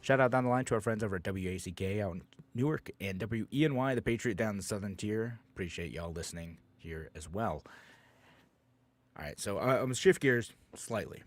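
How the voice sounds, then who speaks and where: Low-voiced man hosting talk radio. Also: fairly quick, faint music behind. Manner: casual, conversational, many fillers and restarts. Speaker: radio talk show host.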